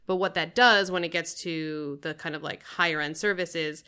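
A young woman talking casually as a podcast guest, rambling and animated, poking fun at herself. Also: sits low, normal speed, clear, resonant tone. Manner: rambling, animated, self-deprecating. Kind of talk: casual chat.

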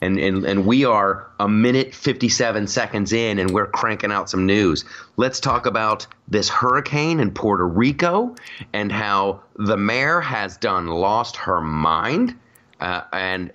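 A man's voice: fairly low pitch, pushed and bright, lo-fi sound. A man co-hosting a casual podcast chat, joking around and often repeating himself. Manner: jokey, restless, repeats himself. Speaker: podcast co-host.

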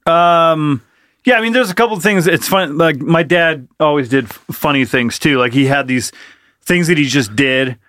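A man's voice: a little high, moderate pace, fairly bright tone, no echo, studio quality. A man co-hosting a podcast in casual chat, easygoing and joking. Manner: easygoing, chimes in with jokes. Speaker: podcast co-host.

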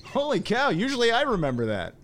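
A man's voice: extremely high pitch, huge pitch swings, fast, a bit bright. A man co-hosting a casual talk show as its producer, teasing the host and reading out chat and show announcements.

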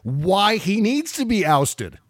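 A man's voice: high-pitched, big pitch swings, slow pace, fairly bright tone, no echo, clean studio sound. A man co-hosting a podcast, chatting casually and animatedly about politics, sometimes mocking the people he quotes. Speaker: podcast co-host.

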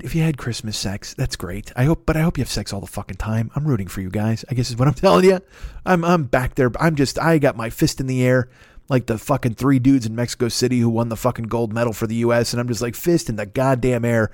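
A man's voice: medium pitch, a little mellow, dry recording, studio quality. A man host riffing through a profane, rambling comedic monologue. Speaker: podcast host.

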